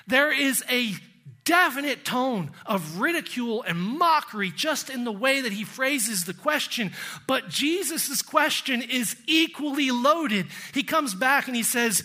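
A pastor preaching an expository sermon, emphatic, sinking to hushed tones for weight and putting questions straight to the listeners. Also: male voice, very high-pitched, expressive, a little slow. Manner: asks the listeners direct questions.

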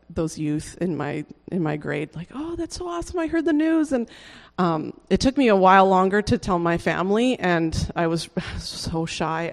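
A speaker telling a personal conversion testimony in a casual, earnest and halting way, with many restarts, fillers like "like", and soft laughs. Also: medium pitch, vocal fry, big-room sound.

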